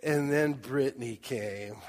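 A middle-aged pastor with a medium-pitched voice preaches a sermon, telling a personal story and acting out scenes with sudden shouts and asides. The recording carries a long hall reverb.

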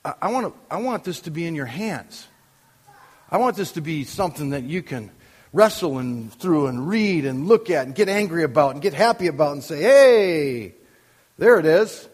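A man's voice: a little high, expressive, fairly quick, husky, big-room sound. An older man preaching as a pastor, conversational and full of questions to the congregation. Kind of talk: sermon. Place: church.

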